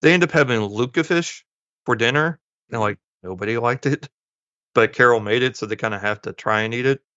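A man's voice: mid-range voice, fairly quick, no room sound. Guy on a movie podcast telling the plot, does little voices for the characters, kinda dull dry lo-fi sound. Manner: animated retelling, acting out characters' lines. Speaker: podcast co-host. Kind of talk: casual movie recap.

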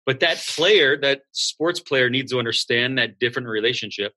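A man who founded a school, talking in a relaxed interview and acting out students and coaches in quick voices. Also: medium pitch. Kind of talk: casual interview talk.

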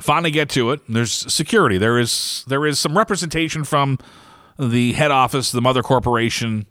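A man hosts a casual sports podcast. His pitch sits in the middle for a man, and he rambles through stories with plenty of fillers and little laughs. The recording is dry and close. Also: brisk, sharp tone, dry recording. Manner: rambling storyteller, many fillers and chuckles. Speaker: podcast host.

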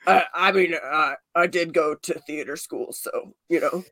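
A tabletop player with a bright, sharp tone and a close, dry sound. Talks in a playfully theatrical way, bragging with mock grandeur. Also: mid-range voice, unhurried, dry recording. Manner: playful, theatrical self-praise. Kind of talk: casual tabletop play.

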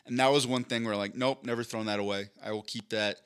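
Male podcast co-host, bright tone, animated storyteller. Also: quick pace, clear, resonant tone. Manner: animated, acts out his childhood self in a high voice. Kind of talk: casual storytelling chat.

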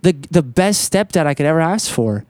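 A man hosting a casual podcast conversation, telling an animated story, swearing freely and stumbling over repeated words as he talks. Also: on the high side, a little fast, clean tone, no echo, studio quality. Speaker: podcast host.

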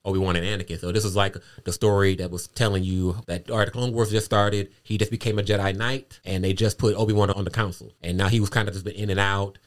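A man chatting casually on a podcast in a relaxed, slangy way. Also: on the low side, fast, hardly any pauses. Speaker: podcast co-host. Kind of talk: casual chat.

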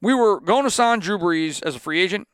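A man doing a deliberately poor impression of a defensive older male football coach who blames others in a blunt, self-justifying way. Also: sits high, very animated, sharp tone, clean tone, no room sound, clean studio sound, heavily acted. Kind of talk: mock impression read aloud.

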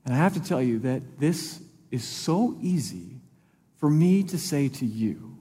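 A man's voice: mid-range voice, animated, unhurried, dark tone, husky. A male pastor preaching a sermon in an earnest, conversational way, repeating phrases for emphasis. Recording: long reverb of a large hall.

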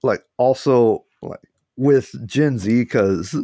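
A man's voice: medium pitch, slow pace, warm tone, no room sound, clean studio sound. An American man talking casually as a podcast guest, loose and chatty with lots of fillers. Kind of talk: casual interview talk.

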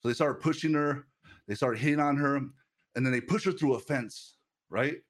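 A male pastor delivering a sermon at an ordinary middle pitch. He talks in a loose, conversational way, repeating words and restarting sentences as he tells personal stories, with a laugh now and then. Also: normal speed.

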